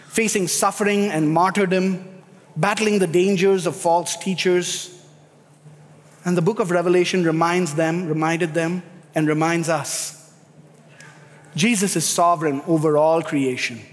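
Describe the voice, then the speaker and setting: High-pitched male preacher, building up emphatic, church echo. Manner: emphatic, building to rising intensity. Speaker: pastor. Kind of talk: sermon. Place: church sanctuary. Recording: echoey hall reverb.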